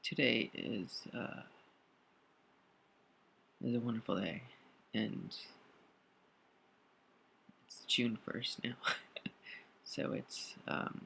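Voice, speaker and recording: A man recording a personal video diary while crying, speaking in a halting, emotional way with many pauses and fillers. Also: fairly low pitch, gravelly, slight background noise. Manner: grateful, soft-spoken confession. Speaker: vlogger.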